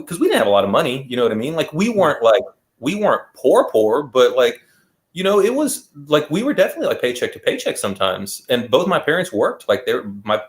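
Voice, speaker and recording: A man guesting on an interview show, talking casually and at length in a laid-back, rambling way. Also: medium pitch. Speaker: guest magician.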